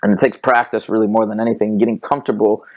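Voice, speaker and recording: A man's voice: on the low side, little pitch movement, fast talker, darkish tone. A man hosting a dating podcast, talking casually and rambling through his questions with easy laughter. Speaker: podcast host. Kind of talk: podcast interview.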